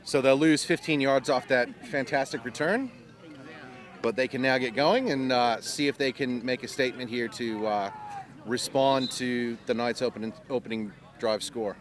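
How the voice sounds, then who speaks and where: A man's voice: mid-range voice, moderate pace. A man giving casual live commentary on a local football game outdoors, explaining the rules as he goes. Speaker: play-by-play commentator. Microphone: live stream mic.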